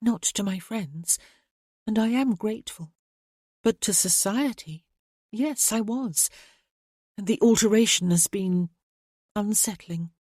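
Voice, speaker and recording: A woman voicing a cynical, thoughtful young gentlewoman who speaks in wry, reflective speeches. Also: mid-range voice, slow pace, long pauses, husky, no room sound, clean studio sound.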